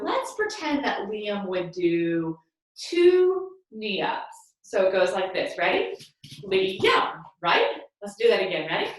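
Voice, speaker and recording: A young woman guides kids through a yoga class in an upbeat, encouraging, sing-song voice that swoops up and down. She sits a bit above the usual pitch. Her voice rings around a very echoey room and sounds a little off-mic. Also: recorded from a distance. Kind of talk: guiding a children's movement lesson. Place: room at home.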